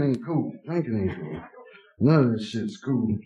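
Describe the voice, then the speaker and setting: A male comedian on a club stage, spinning profane, streetwise stories in his live routine. The room rings with echo, a crowd laughs throughout, and a steady hiss sits under the recording. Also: mid-range voice, measured pace. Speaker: stand-up comedian. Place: nightclub stage.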